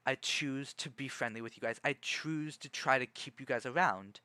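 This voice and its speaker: A young man streaming and chatting casually, rambling in a calm, measured way with many restarts and fillers. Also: medium pitch, clear, resonant tone, no room sound. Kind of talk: casual livestream chat.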